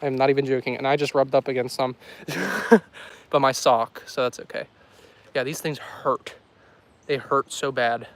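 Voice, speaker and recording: With a mid-range, steady voice at a moderate pace, a man chats casually on a weather livestream while walking by a rural road. He rambles and jokes with viewers, filming on a handheld phone.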